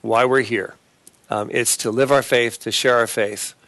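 A man's voice: mid-range voice, fairly even intonation, vocal fry, a bit bright, no echo. Earnest man hosting a Christian talk show. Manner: earnest, halting with fillers and restarts. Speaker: host.

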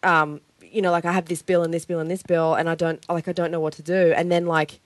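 A young woman chatting casually as a guest, telling an animated story full of "like" and acted-out quotes. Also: lowish voice, fast talker, dry recording. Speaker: guest sharing a testimony. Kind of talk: casual chat.

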